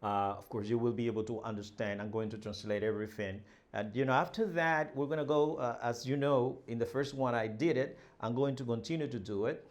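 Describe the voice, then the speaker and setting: Man teaching, halting and patient. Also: medium pitch. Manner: explains slowly with many fillers and restarts; reads dialogue lines aloud, then translates each. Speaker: language teacher. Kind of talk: spoken language lesson.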